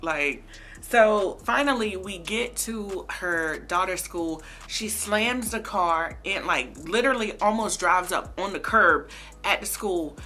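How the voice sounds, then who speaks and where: A young woman vlogger telling a casual storytime, animated and slangy, talking straight to her viewers. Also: medium pitch. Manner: animated, slangy, addresses viewers as baby and girl.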